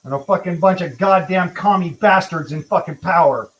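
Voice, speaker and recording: A man's voice: high-pitched, normal speed, fairly bright tone. A man hosting a livestream, delivering a heated, profane political rant while he is angry and worked up. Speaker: livestream host.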